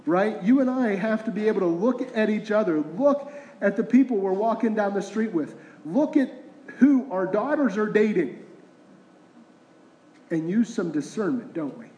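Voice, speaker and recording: A man's voice: sits high, expressive, moderate pace, dark tone, dull audio. A middle-aged man, a pastor, preaching a conversational sermon full of rhetorical questions. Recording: roomy echoing hall.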